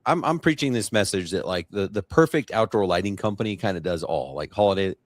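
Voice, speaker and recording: A man's voice: fairly low pitch, animated, brisk, dry recording. A man hosting a podcast in casual interview chat; he is eager, rambles and often restarts his sentences. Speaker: podcast host.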